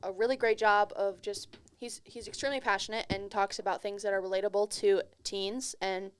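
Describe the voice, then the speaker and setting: A woman's voice: mid-range voice, fairly even intonation, fairly quick, clean tone. Woman, youth podcast co-host, chatty, teasing, casual. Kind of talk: casual chat.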